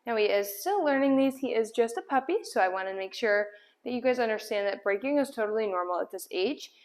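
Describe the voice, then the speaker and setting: A woman's voice: fairly high pitch, animated, a little fast. A woman dog trainer explaining a puppy's sit and down stays while giving him firm commands indoors. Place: indoor room at home.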